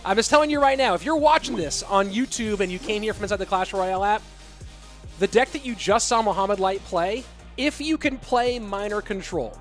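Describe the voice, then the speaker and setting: A man casting a live esports match, excitable and rambling, with chatty asides to the viewers. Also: sits high. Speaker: esports caster and streamer. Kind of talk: live esports commentary with chat reading.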